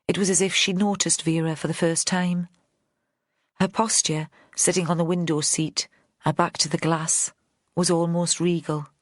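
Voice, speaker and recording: Low-voiced woman narrating a crime novel. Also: no room sound, studio quality. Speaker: audiobook narrator. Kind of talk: scripted narration.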